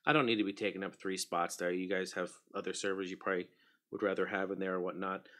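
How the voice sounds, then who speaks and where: A man's voice: low-pitched, little pitch movement, fast talker, bright, forceful tone. A man hosting a casual livestream, chatting loosely, greeting viewers by name and muttering to himself while he fixes his setup. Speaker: livestream host.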